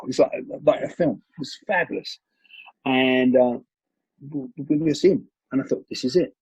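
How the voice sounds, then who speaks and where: A man, a martial arts coach, telling animated stories in a conversational interview, often restarting his sentences. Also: medium pitch, moderate pace, slightly rough, no echo. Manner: animated storyteller with frequent restarts. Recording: dull lo-fi recording.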